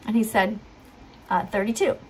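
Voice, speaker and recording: A woman's voice: mid-range voice, steady tone, normal speed, a crowd in the background. A middle-aged woman earnestly telling a rambling story, acting out what others said. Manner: rambling, earnest, acts out quotes. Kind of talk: storytelling monologue.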